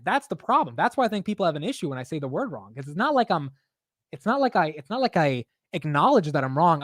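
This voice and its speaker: Man hosting a live market stream, brisk profane banter, higher voice, dry close mic. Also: no echo. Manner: animated, profane, self-mocking banter. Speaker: market livestream host. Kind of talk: casual live market commentary.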